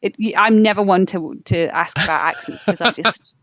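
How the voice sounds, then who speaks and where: A woman's voice: mid-range voice, a bit bright, no echo. A woman with a southern English accent, a singer chatting as a podcast guest in a bubbly, rambling way. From England, London. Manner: bubbly, rambling, quick asides. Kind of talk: casual podcast chat.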